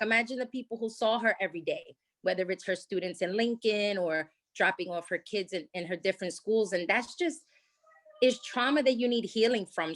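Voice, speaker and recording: A woman giving gentle, earnest remarks to a community forum, speaking as school staff. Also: mid-range voice. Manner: gentle, earnest, uses "you know" and "like".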